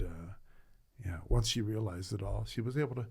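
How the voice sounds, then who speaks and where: A middle-aged man, a hospital chaplaincy director, telling a story in an earnest, animated conversational way. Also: lowish voice, normal speed, creaky, slightly rough. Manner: earnest, animated storyteller who voices others.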